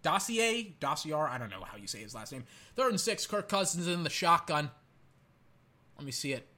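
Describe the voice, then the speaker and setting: A man reacting live to a football game as a fan, excitable and exclamatory, rambling between play calls. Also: on the high side, normal speed.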